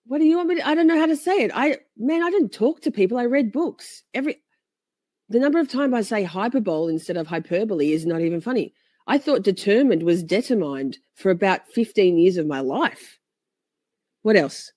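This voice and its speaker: A woman's voice: mid-range voice, lively intonation, brisk, darkish tone, no echo. A woman hosting a casual livestream, chatting with playful mock outrage and frequent laughter. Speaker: livestream host.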